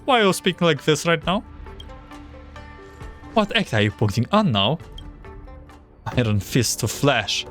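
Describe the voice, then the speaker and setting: A man streaming a game, reading the dialogue aloud and reacting with anxious groans between lines. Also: mid-range voice.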